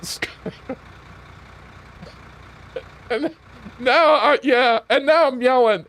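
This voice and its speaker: A man's voice: extremely high pitch, takes it slowly, creaky, pauses often, fairly bright tone. A man streaming a video game while telling a heated, profane story, often laughing.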